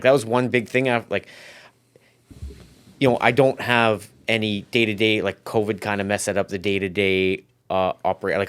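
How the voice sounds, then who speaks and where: A man's voice: low-pitched, a bit bright, clear, resonant tone. A man speaking as a podcast guest, chatting casually about his business with loose, rambling sentences and many restarts. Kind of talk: casual conversational interview.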